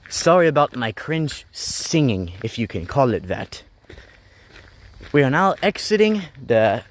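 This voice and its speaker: A man's voice: mid-range voice, a little mellow, a little hiss or hum. A young man rambling, joking and griping as he walks a rural mountain road, live-streaming from a handheld phone. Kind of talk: casual live-stream vlog.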